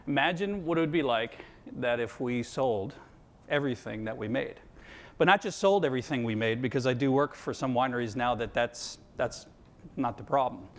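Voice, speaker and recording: A middle-aged man giving a conference presentation to a large audience, telling stories with self-deprecating humor. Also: mid-range voice. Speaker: conference speaker on wine sales. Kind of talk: keynote presentation.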